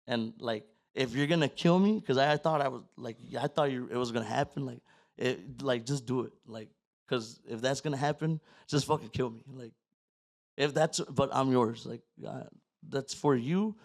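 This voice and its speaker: A man, a podcast guest, telling a personal story in a casual, profane way, acting out his own words and swinging between loud outbursts and near-whispers. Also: medium pitch, moderate pace.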